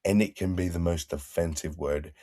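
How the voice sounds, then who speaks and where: An Australian man with a lowish voice talks in a blunt, profane, joking way. The sound is dry and close, like a video call. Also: steady tone, normal speed, dark tone, no room sound. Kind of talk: casual chat.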